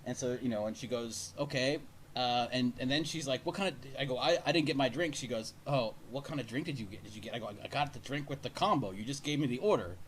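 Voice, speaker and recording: A man hosts a casual talk show, rattling off a rambling story at a quick clip and swearing freely. His pitch sits in an ordinary middle range, and a faint hum of ambience runs underneath. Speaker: radio show host.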